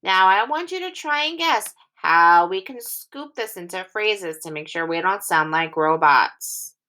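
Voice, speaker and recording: Slow, bright-voiced woman teacher. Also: medium pitch, lively intonation. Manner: slow, clearly enunciated reading, sentences read aloud in phrases. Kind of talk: recorded phonics lesson for young children.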